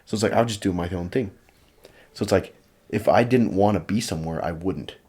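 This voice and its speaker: A man's voice: low voice, a little fast, a little mellow, husky. A young man hosting a podcast, chatting casually and rambling with lots of fillers. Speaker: podcast host. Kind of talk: casual chat.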